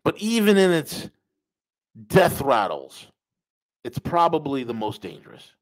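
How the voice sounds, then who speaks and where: A very animated podcast host with a slightly high voice speaks at a measured pace, captured on a low-quality recording. He delivers emphatic opinions, repeats himself for effect, and keeps calling the audience "folks."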